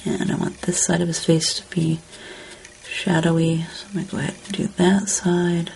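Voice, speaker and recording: A woman calmly talking through a step-by-step card-coloring tutorial, describing each stroke as she works. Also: on the low side, normal speed, creaky, a little hiss or hum. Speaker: card-making instructor.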